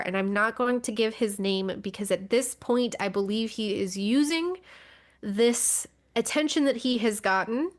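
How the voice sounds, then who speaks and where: A woman co-hosting a podcast in casual chat, with a fairly high voice. She sounds wry and exasperated and swears freely. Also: a bit bright. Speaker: podcast co-host. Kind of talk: casual motorsports news chat.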